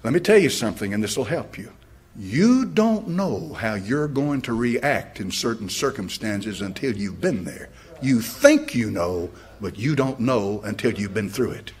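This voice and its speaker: A man's voice: fairly low pitch, animated, a little slow, breathy edge. An older American man, a pastor, preaching a sermon with stories and fervent questions. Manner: storytelling, rising to fervent questions, laughing at own stories.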